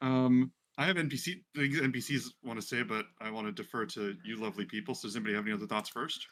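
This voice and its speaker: A man's voice: mid-range voice, steady tone, quick pace, a bit bright. A man running a tabletop role-playing game, narrating in a chatty way with many fillers. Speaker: game master.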